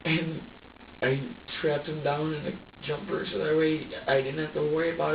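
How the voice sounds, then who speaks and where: A man's voice: fairly high pitch, little pitch movement, creaky, a little hiss or hum. Distressed, profane man in an echoey room. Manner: agitated, profane, halting with many repeats. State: distressed, near tears. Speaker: suspect being questioned. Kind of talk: emotional recounting under questioning. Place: police interview room. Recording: echoey, distant, dull room recording.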